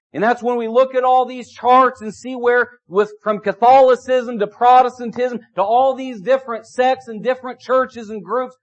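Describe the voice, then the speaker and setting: A man with a very high voice preaches a sermon in a steady, building cadence. He repeats key phrases and throws rhetorical questions at the congregation. The recording is dull and lo-fi. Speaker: pastor.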